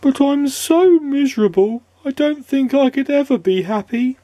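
A man voicing a sad, gloomy little round storybook character in a squeaky, mournful voice. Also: a little slow, dark tone, no echo. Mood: miserable. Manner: sniffing, mournful.

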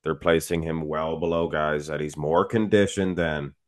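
A man's voice: extremely low pitch, fairly even intonation, normal speed. A man co-hosting a podcast, chatting casually and joking around in a laid-back way. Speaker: podcast co-host. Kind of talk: casual chat.

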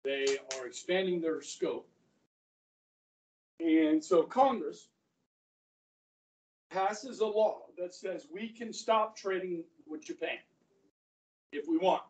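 A man teaching history speaks in a high, somewhat mellow voice, taking his time with long pauses. His classroom lecture is chatty, full of questions to the students and acted-out quotes, and the audio is roomy and captured from far away.

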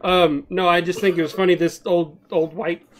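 A man co-hosting a podcast, bantering in animated casual chat. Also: sits high, moderate pace, a little hiss or hum. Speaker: podcast co-host.

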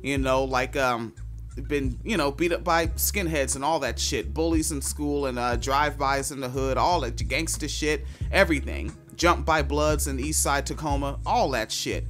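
A man's voice: mid-range voice, moderate pace, fairly bright tone, soft background music. A man hosting a podcast, reading news items aloud and riffing on them in a loose, profane way. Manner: profane, loose, reads news then riffs. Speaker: podcast host. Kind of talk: casual news commentary.

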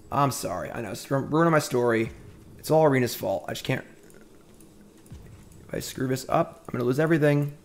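A middle-aged man streams a card game while telling a rambling story, stopping often to remark on his moves in a chatty, self-interrupting way. His voice is medium-pitched with vocal fry, and there's slight background noise.

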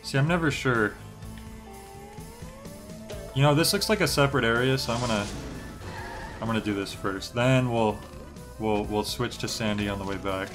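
Young man, game streamer, rambling casual chat, mid pitch, faint game music behind. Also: normal speed, long pauses. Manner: rambling, lots of "like" fillers. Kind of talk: relaxed gameplay stream chat.

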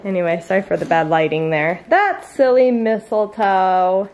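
A woman's voice: mid-range voice, fairly even intonation, moderate pace, a little mellow. A young woman casually chatting in a home vlog, with lots of "like" and "um" fillers. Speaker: vlogger and mother. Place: family home indoors.

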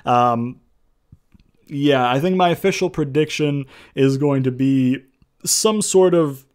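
A man's voice: medium pitch, takes it slowly, darkish tone, clear, resonant tone. A man giving a casual, rambling spoken commentary as a wrestling predictions vlogger, blunt and profane, with sarcastic jabs and frequent restarts.

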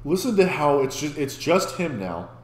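A man hosting a casual reaction video, excitable and often stammering and restarting mid-sentence. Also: a little high, moderate pace, a little hiss or hum. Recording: echoey room.

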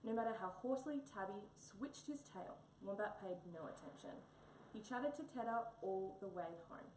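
A woman's voice: medium pitch, moderate pace. Aussie lady reading a kids story, roomy echo, mic kinda far, faint hum in the back. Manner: expressive, storybook delivery. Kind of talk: reading a picture book aloud.

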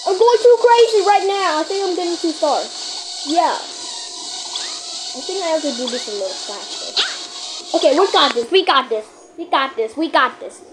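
High, lively, excitable woman gamer. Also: noisy background. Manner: excitable, panicky outbursts and shouted countdowns; repeats phrases rapidly under pressure. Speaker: gaming channel host. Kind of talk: live gameplay commentary.

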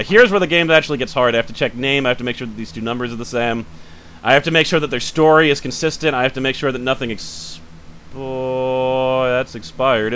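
Bright-voiced man muttering over a game. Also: mid-range voice, slight background noise. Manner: thinks aloud while checking details, mutters to himself; quick to grumble and curse, then apologizes. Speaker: gaming channel host. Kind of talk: casual let's-play commentary.

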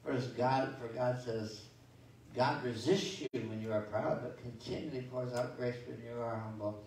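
A man's voice: medium pitch, steady tone, normal speed, a little mellow, a little hiss or hum. A man preaching a sermon as pastor, folksy and conversational, telling stories and reading scripture with many restarts and asides. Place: church sanctuary. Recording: echoey church sanctuary from far off.

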